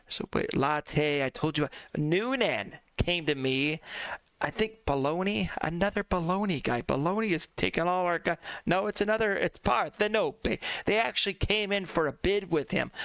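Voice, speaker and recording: A man's voice: fairly high pitch, a little slow, a bit bright, clear, resonant tone, dry recording. A man hosting a let's play who chats loosely and rambles, often calling his viewers folks. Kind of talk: casual gaming commentary.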